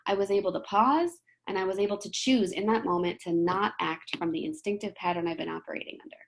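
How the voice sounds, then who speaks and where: A woman giving a motivational talk in a gentle, conversational way, often checking in with "right?". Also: medium pitch, fast talker, vocal fry. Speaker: presenter.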